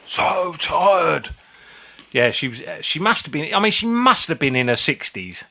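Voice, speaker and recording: A man's voice: on the high side, big pitch swings, fairly quick, pushed and bright. A man in his fifties, co-hosting a comedy podcast as a rambling, sweary storyteller. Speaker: podcast co-host. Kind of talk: casual chat.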